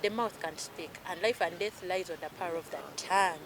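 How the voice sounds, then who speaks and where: A woman in her thirties with a Ugandan accent, an emotional healing coach in casual chat, talking in an animated way and mixing in Luganda phrases. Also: on the low side, brisk, noisy background.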